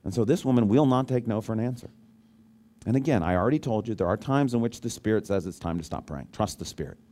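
An animated, fast-talking pastor preaches to his congregation conversationally, posing questions and swinging between loud emphasis and hushed, low asides. There's a slight hiss or hum in the audio.

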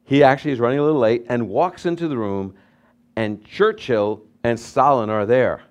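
Male pastor, mid-pitched voice, animated sermon delivery with dramatic rises and quiet asides. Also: moderate pace. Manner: animated preaching with anecdotes, swinging loud and soft.

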